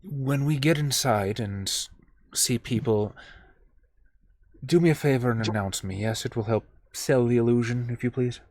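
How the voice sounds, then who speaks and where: A man whispering as a scheming gentleman. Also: mid-range voice, moderate pace, no echo, voice pushed down, close to an everyday voice. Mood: conspiratorial. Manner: whispered, polite and formal. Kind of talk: whispered role-play.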